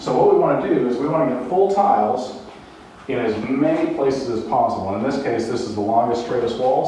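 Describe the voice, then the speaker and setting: A man hosting a home renovation vlog, telling jokes and stories in a playful, deadpan way. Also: mid-range voice, very echoey, recorded from a distance, slight background noise, low-quality recording. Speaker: host of a home renovation show. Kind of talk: joking storytelling while renovating.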